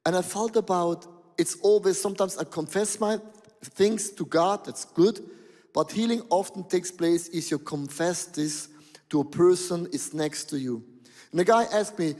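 A male pastor preaching a sermon in an animated, exclaiming way, with non-native phrasing, in a large church hall. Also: high-pitched, moderate pace. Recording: long hall reverb.

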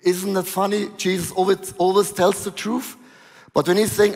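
High-voiced pastor preaching in a hall. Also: male voice. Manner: animated storytelling, with dramatic pauses. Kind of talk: sermon.

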